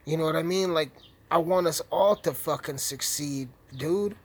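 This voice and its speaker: Young male streamer, foul-mouthed trash-talker, a bit high-pitched, loose rambling commentary. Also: moderate pace, poor audio. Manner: profane, rambling, trash-talking. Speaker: gaming streamer. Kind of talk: casual gameplay commentary.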